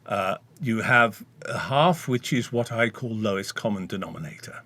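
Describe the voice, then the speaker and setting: A man's voice: lowish voice, expressive, normal speed, pushed and bright. A middle-aged Englishman with an English accent, a voice-over artist answering interview questions in a blunt, emphatic way with salty idioms. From England. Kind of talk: podcast interview.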